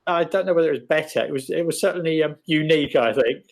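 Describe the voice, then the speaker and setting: A man's voice: on the high side, fast talker. A middle-aged man, answering as an interview guest in a modest, hesitant way. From England. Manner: modest, hesitant, with soft laughs. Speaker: illustrator, guest. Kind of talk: casual video interview.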